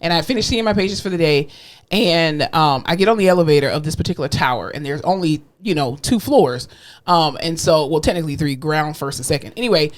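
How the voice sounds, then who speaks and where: A woman's voice: low voice, a little fast. A young woman co-hosting a casual podcast chat, telling hospital stories animatedly, acting out what people said and laughing often. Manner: animated storyteller, acts out quotes, laughs often. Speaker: podcast co-host, therapist.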